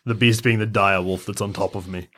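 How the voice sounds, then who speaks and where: A man's voice: fairly low pitch, fairly even intonation, brisk, a bit bright. A man playing a tabletop game who talks eagerly and giggles between his moves. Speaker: player. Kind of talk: casual banter at a game table.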